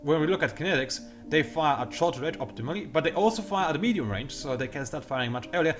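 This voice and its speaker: Fast-talking young man explaining game strategy. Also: on the high side, animated, faint music behind. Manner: talks fast, self-admittedly; dry sarcastic asides. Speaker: gameplay tutorial host. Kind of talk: explanatory let's-play commentary.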